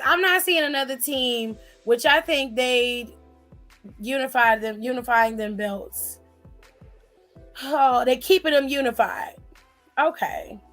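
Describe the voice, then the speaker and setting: A woman with a high-sitting, pushed, bright voice hosts a casual live stream. She chats and reads viewer comments in a playful, familiar way, calling viewers honey and child.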